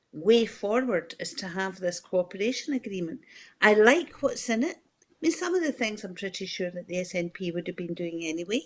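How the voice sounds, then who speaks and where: A middle-aged Scottish woman giving candid political comment in a news discussion, talking conversationally with many fillers and restarts. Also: medium pitch.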